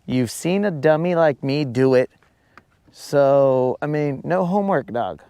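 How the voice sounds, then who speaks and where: A man's voice: on the high side, animated, measured pace, mellow, smooth, dry recording. A man hosting a live fishing stream, chatting casually with viewers and trading teasing jokes full of slang.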